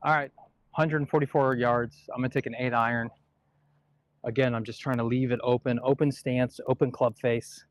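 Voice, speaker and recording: Relaxed, dry-joking golfer man. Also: mid-range voice, moderate pace, no echo. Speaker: golf livestream co-host and player. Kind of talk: casual on-course chat. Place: outdoors on a golf course.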